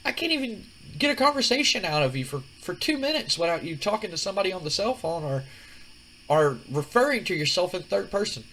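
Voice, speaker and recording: A man's voice: sing-song, a little fast, sharp tone, slight background noise, exaggerated voice, poor audio. A man voicing a fed-up young woman who scolds her self-absorbed boyfriend in a raised, indignant voice. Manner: high, pleading and indignant.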